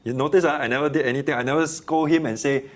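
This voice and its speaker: A man's voice: fairly high pitch, rapid-fire. A man with a Singaporean accent, a teacher telling classroom stories in a casual interview and acting out the quotes. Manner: animated storyteller, acts out quotes.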